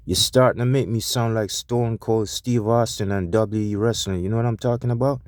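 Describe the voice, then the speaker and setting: A man's voice: on the low side, fairly even intonation, moderate pace, hardly any pauses, darkish tone, dry recording, clean studio sound. A truck driver, a man, ranting heatedly to his viewers with a profane, defensive edge, often restarting his sentences.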